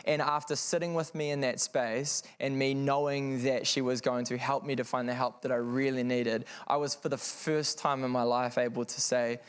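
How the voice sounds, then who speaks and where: A man's voice: medium pitch, little pitch movement, normal speed, hardly any pauses, smooth. A man speaking frankly to parents in a seminar room, telling a personal story in a conversational, earnest way with wry asides.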